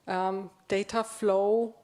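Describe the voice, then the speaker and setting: A woman speaking as a conference panelist in a measured way, with many hesitations. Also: medium pitch, flat delivery, dark tone. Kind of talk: panel discussion.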